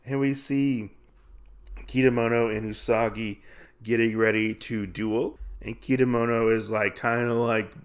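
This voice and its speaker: A man in a mid-range voice recaps a comic story for his podcast. His talk is relaxed and loose, full of "uh"s and restarts as he works through the plot. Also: mid-range voice, unhurried, clear, resonant tone. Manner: rambling, with many fillers. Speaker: podcast host. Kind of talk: casual comic-book recap.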